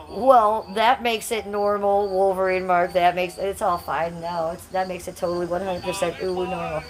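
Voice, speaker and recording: A woman's voice: lowish voice, flat delivery, measured pace. A woman hosting a casual livestream, reading chat comments aloud in a brash, crude and playful way. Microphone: phone.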